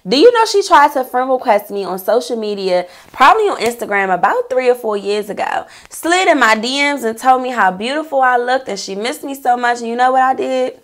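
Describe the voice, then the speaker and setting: A woman telling a personal storytime in a casual vlog, animated and profane, talking straight to viewers. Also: on the high side, brisk, few pauses. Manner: bursts into laughter mid-story.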